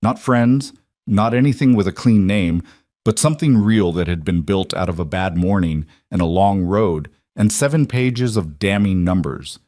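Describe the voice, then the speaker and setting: A man narrating a western romance story in a calm, even storytelling manner. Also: sits low, moderate pace, no echo, clean studio sound. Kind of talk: scripted narration.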